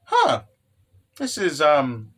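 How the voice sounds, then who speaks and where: A man's voice: fairly high pitch, huge pitch swings, very slow, a bit bright, heavily acted. A man voicing a sweet, nervous young wife who stammers and hesitates, in a casual recap. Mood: flustered.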